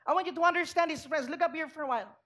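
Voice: high voice, very fast, bright, forceful tone. A pastor preaching a sermon in church, making emphatic points and putting rhetorical questions to the congregation.

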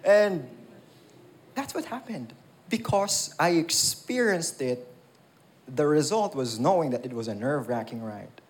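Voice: mid-range voice, big pitch swings, a little slow. Earnest preacher. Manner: earnest, emphatic, asks the congregation questions. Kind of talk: sermon with scripture reading. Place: church.

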